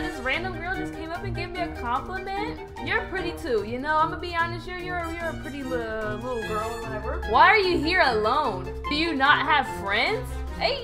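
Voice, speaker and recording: A woman casually narrating a game roleplay, slangy and reactive, reading out other players' lines. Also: very high voice. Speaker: gaming video creator narrating a roleplay. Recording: background game music.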